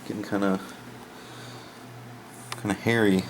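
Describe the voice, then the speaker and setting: Young male vlogger, lowish voice, offhand home-video chatter over steady background noise. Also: unhurried. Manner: offhand and rambling, self-mocking asides. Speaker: fitness vlogger. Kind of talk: casual vlog narration. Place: home, kitchen and bathroom.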